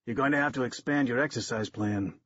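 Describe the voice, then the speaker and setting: A man's voice: mid-range voice, brisk, fairly bright tone, husky, dry recording. A man in his thirties voicing a wry, self-mocking male screenwriter turned amateur sleuth, in a dry, slightly dull recording. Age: 30s.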